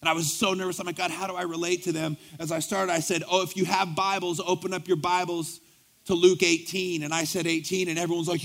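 A male pastor with a fairly high voice delivers a sermon. He tells a story animatedly, acting out the dialogue. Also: flat delivery, quick pace, gravelly, fairly bright tone.

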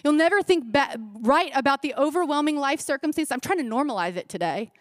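A woman's voice: sits high, expressive, a little fast, dry recording. A woman pastor preaching a sermon at a church service, emphatic, repeating phrases and asking the congregation rhetorical questions.

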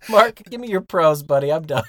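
A man's voice: on the high side, animated, a little fast, no room sound. A man co-hosting a podcast, making crude, playful jokes in casual chat. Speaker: podcast co-host.

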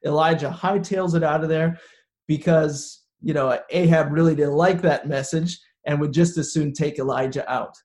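Man preaching with a lively storytelling manner. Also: a little high. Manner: storytelling, acts out quoted lines. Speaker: pastor. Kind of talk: sermon.

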